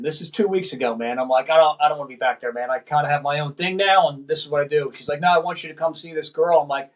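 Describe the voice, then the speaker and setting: A man's voice: a little high, fast talker, poor audio. A middle-aged man, a former firefighter lieutenant, tells a personal story as a podcast guest in a rambling, profane way, often tagging sentences with "man".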